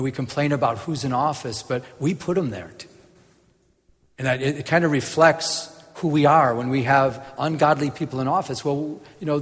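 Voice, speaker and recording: Animated preacher in a reverberant hall. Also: male voice, fairly high pitch. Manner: animated, laughs at his own jokes, many restarts. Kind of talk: informal Bible teaching.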